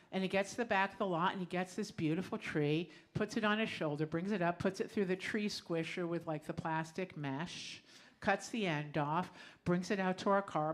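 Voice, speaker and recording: Her voice sitting on the low side, a middle-aged woman tells a personal story live at a small club. She keeps it conversational and frequently breaks into laughter.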